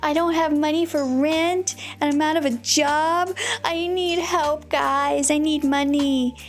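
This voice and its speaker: A woman voicing a flustered, broke young woman who swings between panic and giddy excitement. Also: sits high, takes it slowly, voice pushed up. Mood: pleading. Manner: squealing, panicky then giddy.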